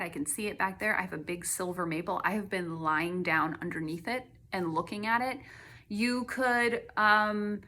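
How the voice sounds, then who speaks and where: A middle-aged woman artist talking casually to camera, chatty with many fillers, sometimes dropping to a soft hush. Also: medium pitch, slight background noise. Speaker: artist and host.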